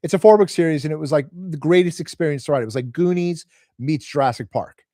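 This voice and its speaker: A man's voice: a little high, quick pace, warm tone, dry recording, studio quality. A man hosting a casual live stream from home, telling rambling stories and reading out viewer comments. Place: home, moving house.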